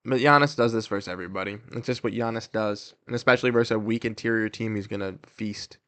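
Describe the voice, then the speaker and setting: Excitable young man calling a game. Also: lowish voice. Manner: excitable, talks to chat, quick bursts. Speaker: livestream host. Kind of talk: casual live game commentary.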